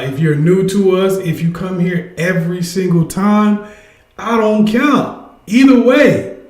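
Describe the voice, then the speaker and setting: A man's voice: sits high, darkish tone, roomy sound. A man hosting a casual livestream, energetically urging his viewers to join in. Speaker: livestream host. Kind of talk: casual live chat with viewers.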